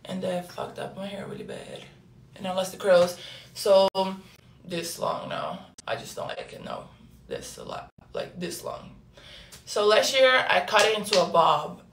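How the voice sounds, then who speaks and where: A young woman from Brazil with a Brazilian Portuguese accent, telling loose, slangy stories in a casual livestream and reading the chat, swinging between loud bursts and low murmurs. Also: recorded from a distance. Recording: echoey room with faint music.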